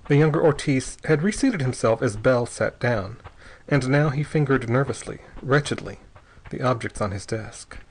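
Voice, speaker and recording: A man reading an adventure novel aloud in a measured, steady narration. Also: mid-range voice, slightly rough, low-quality recording. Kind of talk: audiobook narration.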